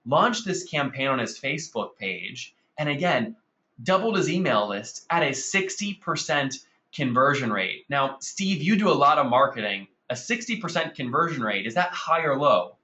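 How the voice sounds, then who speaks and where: A man's voice: mid-range voice, very animated, moderate pace, pushed and bright, echoey room. A man hosting a marketing webinar, speaking energetically and calling his audience guys. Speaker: webinar host.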